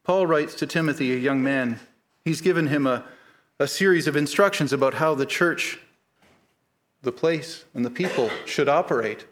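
Man preaching an earnest sermon. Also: fairly high pitch. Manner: measured, earnest preaching with slowed emphasis. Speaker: pastor.

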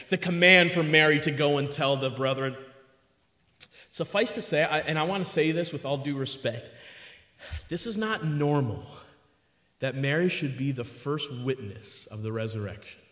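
Expressive preacher in an echoey hall. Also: male voice, mid-range voice. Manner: expressive, swings between hushed and emphatic. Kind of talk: sermon. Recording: echoey hall with long reverb.

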